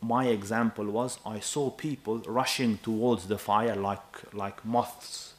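Man, 30s, preacher, sermon, low pitch, emphatic, animated. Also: takes it slowly. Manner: animated and emphatic, with asides to the audience.

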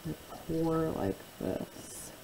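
A woman's voice: deep voice, expressive, extremely slow, creaky, background noise. A woman teaching a phonics lesson to young children, drawing out each word patiently as she models it.

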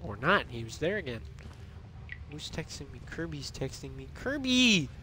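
A man's voice: mid-range voice, moderate pace, sharp tone, slight background noise. A young man giving casual, jokey let's-play commentary, chatting to himself as he plays. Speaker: gaming video creator.

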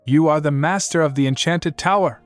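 A man's voice: on the high side, a little fast, soft background music, voice pushed up, natural voice. A man voicing a proud, clever young princess who speaks in a cool, formal, commanding way. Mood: probing.

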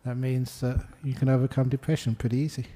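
Mellow-voiced man giving a jokey sermon. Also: medium pitch, little pitch movement, fast. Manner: jokey, self-deprecating, laughs at own jokes. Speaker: monk giving a dharma talk. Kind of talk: humorous spoken sermon.

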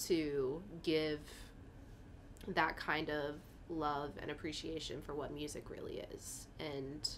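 A woman's voice: low voice, level tone, takes it slowly, a little hiss or hum. A young woman speaking candidly as an interview guest, rambling with fillers and getting emotional, at times tearing up. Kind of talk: casual interview talk.

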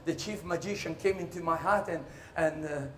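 Male stage performer, comic monologue, high voice, lively acting. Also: normal speed. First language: Italian. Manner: animated storytelling, jumps into shouted voices and laughter.

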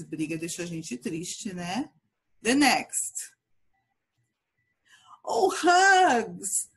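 A woman teaching English to young children, with a Brazilian Portuguese accent, speaking in slow, exaggerated, sing-song teacher talk with lots of repetition. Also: medium pitch, big pitch swings, fairly bright tone, slightly rough. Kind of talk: children's language lesson.

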